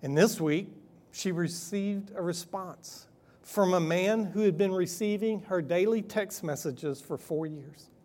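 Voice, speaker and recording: A man's voice: high voice, measured pace, warm tone. A middle-aged man, a pastor telling a story in a folksy, conversational sermon, chuckling and acting out quoted texts.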